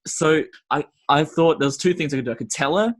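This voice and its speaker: A man's voice: fairly high pitch, a little fast. A young Australian man co-hosting a podcast, telling a story animatedly, acting out the voices and laughing often. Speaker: podcast co-host. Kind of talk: casual chat.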